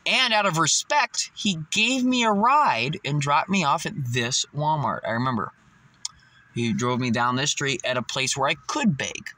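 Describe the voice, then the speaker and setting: A young man casually telling a personal story, swearing constantly and getting loud and emphatic as he goes. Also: on the high side, moderate pace. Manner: swears constantly, animated, gets loud and emphatic when recounting confrontations.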